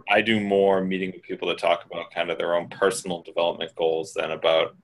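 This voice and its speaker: Deep male host, direct and frank, casual call delivery. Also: level tone, fairly quick, low-quality recording. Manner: direct, blunt advice-giving. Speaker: host answering questions. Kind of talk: casual advice on a group call.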